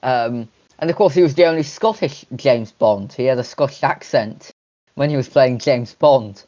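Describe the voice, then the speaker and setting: A man co-hosts a casual chat podcast, his delivery halting and full of pauses and restarts. The audio sounds dull and lo-fi. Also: mid-range voice, mellow. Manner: halting, many fillers and restarts. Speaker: podcast co-host.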